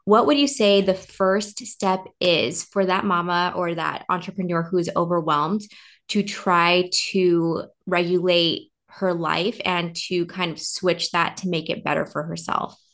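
A woman's voice: fairly low pitch, fairly even intonation, unhurried, a bit bright. A woman hosting a podcast, affirming her guest and talking conversationally before asking questions. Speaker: podcast host. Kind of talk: casual podcast interview.

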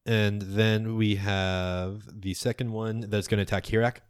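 A man's voice: lowish voice, level tone, measured pace, a little hiss or hum. A man running a tabletop game as game master, narrating and calling rolls.

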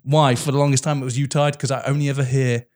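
Male podcast co-host, mid-pitched voice, rude quick-witted banter with lots of swearing. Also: little pitch movement, darkish tone. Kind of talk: casual comedic chat.

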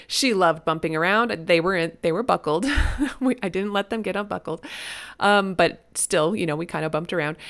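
A middle-aged woman telling a personal story about her childhood and her own children. She talks casually and jumps into high, loud voices when she quotes herself and her daughters. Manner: animated, acts out voices with sudden high-pitched quotes.

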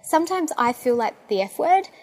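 A young woman with an Australian accent, talking casually and excitably as a podcast host, with lots of fillers. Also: sits high, normal speed. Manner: chatty and excitable, full of fillers. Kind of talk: casual monologue.

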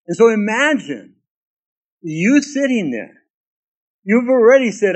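A man preaching a sermon, reading scripture aloud and musing on it in deliberate asides. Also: high voice, very animated. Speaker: pastor.

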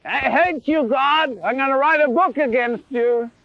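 A man's voice: extremely high pitch, unhurried, voice pushed up. A man voicing a cocky little human man who boasts and taunts God, in a lo-fi recording. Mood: taunting.

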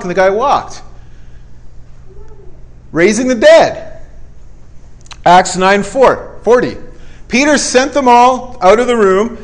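A man's voice: sits high, lively intonation, a little slow. A male preacher giving a conversational sermon, emphatic and repetitive with folksy asides.

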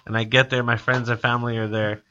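Brief: guy in his 30s, very bright tone, lively storyteller, muffled lo-fi sound. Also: medium pitch, fast, slight background noise. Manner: animated storyteller, acts out quotes. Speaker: guest comedian and DJ. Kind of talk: casual chat.

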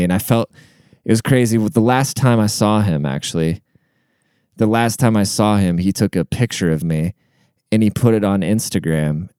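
A man's voice: on the low side, a little mellow, clean tone, no room sound, studio quality. A young man talking casually through a personal story, rambling with lots of filler words and swearing, earnest and emotional.

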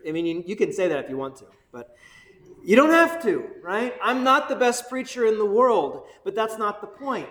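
Man, pastor, sermon, excited and chatty, higher voice, echoey room. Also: moderate pace. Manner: energetic, conversational, keeps asking "right?"; excited, bouncing while preaching.

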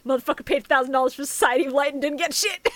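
Excitable, foul-mouthed woman podcast co-host. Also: high-pitched, rapid-fire, no room sound. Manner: profane, excitable, laughs often. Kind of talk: casual chat.

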